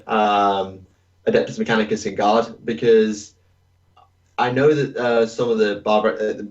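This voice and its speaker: A man's voice: on the low side, recorded from a distance, highs cut off. A man co-hosting a casual gaming podcast, reading listener questions and rambling through answers with plenty of hesitations. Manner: rambling and hesitant, with many fillers.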